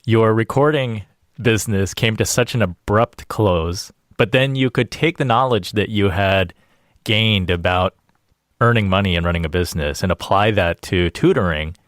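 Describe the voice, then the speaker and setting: A man hosting a finance podcast, reading sponsor lines and asking questions in a calm, measured way. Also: lowish voice, no room sound, studio quality. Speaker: podcast host. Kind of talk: scripted ad read and interview questions. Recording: guitar music underneath.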